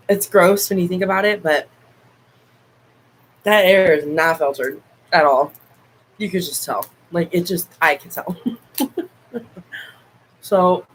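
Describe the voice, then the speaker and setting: A hoarse young woman hosting a casual livestream, chatting warmly and fondly with her viewers. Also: fairly low pitch, slight background noise, rough recording. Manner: chatty, affectionate toward viewers. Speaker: livestream host.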